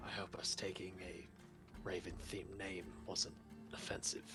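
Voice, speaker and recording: Low-voiced guy at a tabletop game, kinda apologetic, unsure. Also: flat delivery, a little slow, pushed and bright, soft background music. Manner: tentative, apologetic. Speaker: player. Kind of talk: casual chat at a tabletop game.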